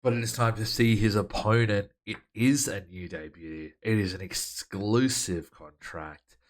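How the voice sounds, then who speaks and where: A man hosting a casual wrestling management game commentary, reading out match results in a relaxed, matter-of-fact way. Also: fairly low pitch, measured pace. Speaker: host.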